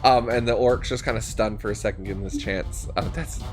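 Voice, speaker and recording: A man's voice: lowish voice, steady tone, brisk, soft background music. Casual young man narrating a game. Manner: casual, filler-heavy narration. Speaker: game master.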